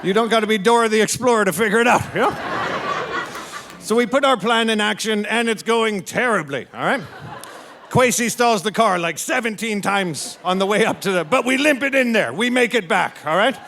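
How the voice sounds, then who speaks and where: A man telling a brash, punchy stand-up story, shouting out the quoted lines. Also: sits high, moderate pace, creaky, slight background noise. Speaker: stand-up comedian.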